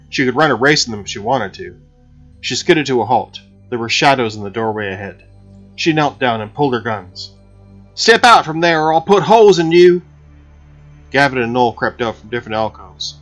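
A man narrating an audiobook in a steady, measured reading. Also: on the low side. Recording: slightly dull recording with faint music.

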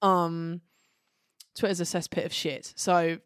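A woman co-hosting a fan podcast in casual chat, blunt and excitable, full of slang and swearing. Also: fairly low pitch, slow, clean tone, no echo, studio quality. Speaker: podcast co-host.

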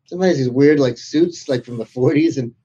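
A man being interviewed about his book tells amused, anecdotal stories. His voice is husky and mellow, and the recording sounds dull and lo-fi. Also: medium pitch, fairly quick. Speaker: author and interviewer guest. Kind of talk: casual interview chat.

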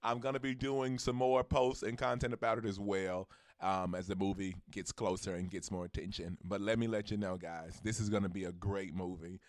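A man from Georgia, hosting a podcast and making an excited announcement to his listeners with preacher-like calls to action. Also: low voice, moderate pace, dry recording, studio quality. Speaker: podcast host.

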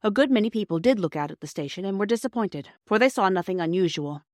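Woman, storybook narration, steady clear reading, mid pitch, dry close recording. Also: fast, no echo. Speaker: storyteller and podcast host.

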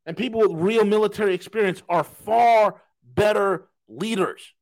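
A man's voice: sits high, normal speed, darkish tone. A man from the United States co-hosting a podcast, giving blunt, emphatic political commentary and repeating his key phrases for effect. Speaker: podcast co-host.

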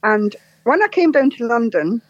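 A woman from Scotland with a soft, posh Scottish accent, chatting as a podcast guest, laughing often and telling jokes. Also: fairly high pitch, sing-song, normal speed, no echo, dull audio. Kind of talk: casual interview chat.

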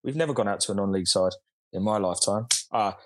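A man's voice: on the low side, quick pace. A man playing along in a podcast quiz, swearing a lot and grumbling at himself. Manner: swearing, self-mocking grumbling. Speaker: podcast co-host and contestant. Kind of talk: casual chat.

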